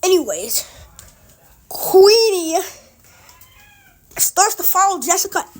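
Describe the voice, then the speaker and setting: A woman's voice: extremely high pitch, sing-song, takes it slowly. A woman casually narrating a made-up story from a small recording closet, rambling with chatty asides.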